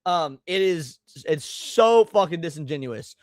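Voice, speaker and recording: A man's voice: on the high side, expressive, unhurried, darkish tone, no room sound, clean studio sound. A man hosting a live stream, reacting to clips with blunt, profane, emphatic rants. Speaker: streamer host.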